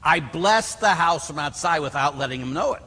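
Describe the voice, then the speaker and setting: A middle-aged priest from Pittsburgh with a husky voice, preaching through animated stories told with many fillers. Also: male voice, a little high, normal speed, big-room sound. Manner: animated storyteller acting out quotes, many fillers. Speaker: Catholic priest. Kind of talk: storytelling sermon.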